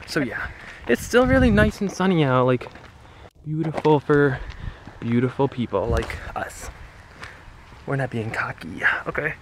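A man's voice: mid-range voice, a bit bright. A young man chatting casually and jokingly to his camera while out walking. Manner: playful, jokey, chatty. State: a bit out of breath at times. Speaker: vlogger. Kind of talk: casual vlog chat. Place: outdoors on a hike and on city streets. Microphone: handheld camera. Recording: outdoor street noise and traffic.

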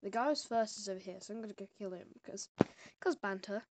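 A woman giving casual gameplay commentary, excitable and prone to loud exclamations, with quiet muttered asides. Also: mid-range voice, fast, dry recording. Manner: excitable, bursts into exclamations and laughs. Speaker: gamer.

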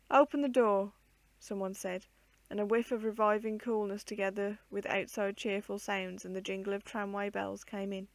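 A woman reading an old children's book aloud in a measured, expressive way. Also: mid-range voice, dry recording. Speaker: storyteller.

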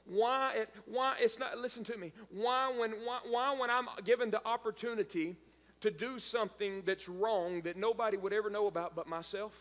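A man's voice: high voice, normal speed, fairly bright tone. Male pastor mid-sermon, emphatic and repetitive; long church reverb behind him. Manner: emphatic preaching, repeats phrases for emphasis. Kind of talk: live-streamed sermon. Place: church sanctuary.

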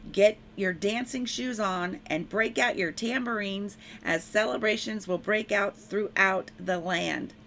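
A woman's voice: medium pitch, vocal fry, a bit bright, a little hiss or hum. A woman reading a prophetic word and scripture aloud in an earnest way, stopping now and then to correct herself. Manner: slow, earnest reading with frequent self-corrections.

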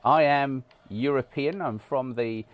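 A man's voice: medium pitch, slow, dull audio. A British man from the UK giving casual, wry commentary over a video game, self-deprecating and full of "uh" fillers. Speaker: gaming channel host.

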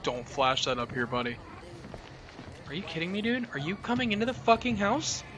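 A man playing a horror game on his channel, jumpy and profane, yelling whenever he gets scared. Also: high voice, sing-song, moderate pace, background noise. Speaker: gaming video host.

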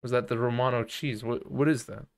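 A man's voice: mid-range voice, steady tone, brisk. A man streaming a video game live, chatting casually with viewers, cracking profane jokes and laughing often. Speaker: gaming streamer.

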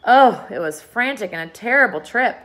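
A woman reading a children's book aloud in an expressive, lively storytelling manner. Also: a little high, moderate pace, low-quality recording.

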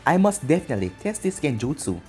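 A man's voice: a little high, big pitch swings, quick pace, a little mellow, soft background music. A man reading a cocky, reckless young ninja. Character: confident young male ninja with a reckless streak.

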